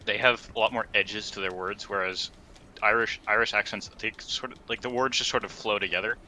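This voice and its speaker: A man's voice: lowish voice, steady tone, brisk, bright, forceful tone, slight background noise. A man chatting casually during a game, stopping and restarting as he searches for words. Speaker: co-player. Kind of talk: casual chat while gaming.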